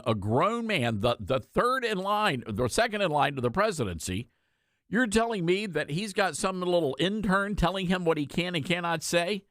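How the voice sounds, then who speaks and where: A man hosting a political talk show, emphatic and sarcastic, in animated commentary. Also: sits high, no room sound, studio quality. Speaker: radio talk show host.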